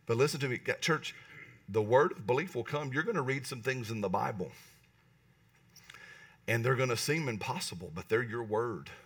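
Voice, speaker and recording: A man preaching a lively sermon in church, often asking the congregation "right?" and pausing for answers. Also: mid-range voice, breathy edge, distant mic. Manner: animated, talks to the congregation with calls like "right?". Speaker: pastor. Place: church hall.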